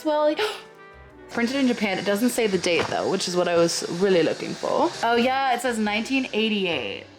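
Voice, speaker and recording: A young woman in her twenties, vlogging casually from her home studio, bubbly and gushing with excitement. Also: mid-range voice, fairly quick, soft background music. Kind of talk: casual vlog chat. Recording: roomy echo, faint clicks.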